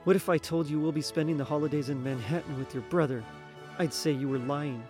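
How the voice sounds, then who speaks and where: A man's voice: fairly high pitch, a little fast, music in the background, lightly acted. A man voicing a tired, stern mother speaking firmly to her son. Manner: weary, stern. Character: weary, stern working mother.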